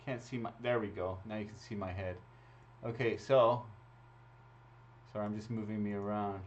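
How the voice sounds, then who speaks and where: Over a little hiss or hum, a fairly low male voice keeps an even intonation at an ordinary pace. He runs a livestreamed raffle, laughing and talking his way through every draw on a computer microphone, and the sound is muffled and lo-fi.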